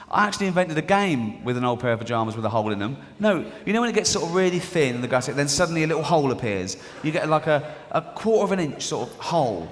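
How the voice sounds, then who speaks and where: A middle-aged English man performing a stand-up comedy routine, chatty and conversational, checking in with the audience as he goes. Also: fairly high pitch. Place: large venue with an audience. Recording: reverberant live hall, audience noise.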